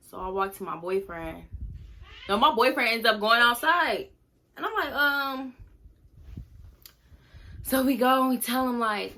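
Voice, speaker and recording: A woman's voice: medium pitch, unhurried, bright, forceful tone. A young woman in a casual storytime vlog, talking candidly with lots of fillers. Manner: candid, conversational, many fillers. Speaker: vlogger.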